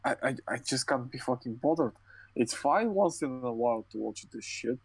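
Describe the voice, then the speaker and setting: A man's voice: medium pitch, lively intonation, moderate pace, creaky, breathy edge, no echo. A tired young man in a dry, close recording rants on a podcast. He swears freely, stumbles and restarts his sentences, and works himself up as he complains. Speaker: podcast co-host. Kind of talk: casual chat.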